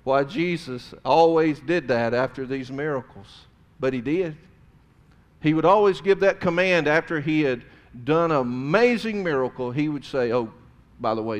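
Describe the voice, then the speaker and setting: A man preaching a sermon, swinging between loud emphasis and hushed tones. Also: medium pitch.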